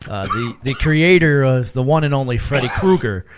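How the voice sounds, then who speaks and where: A man of middle pitch hosts a live community radio broadcast in an easygoing, chatty way. He plugs upcoming shows and chuckles between his remarks. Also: animated, normal speed, background noise. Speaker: radio host. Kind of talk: casual radio chat. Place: radio studio.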